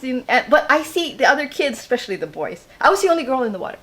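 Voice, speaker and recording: An older woman from Hawaii telling a personal story live, in an animated way, laughing often and acting out the people in it. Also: a little high, quick pace.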